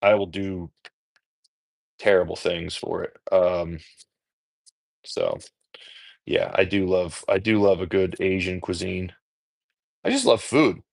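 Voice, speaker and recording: Casual New Jersey man, low gravelly voice, self-deprecating rambler, dry close mic. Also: slow, long pauses, no echo. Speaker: home cook content creator. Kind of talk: casual chat while cooking prep.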